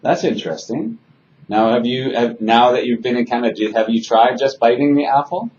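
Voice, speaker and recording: A man's voice: medium pitch, brisk, a little mellow, muffled recording. A man teaching an English conversation class, friendly and chatty, asking students simple questions.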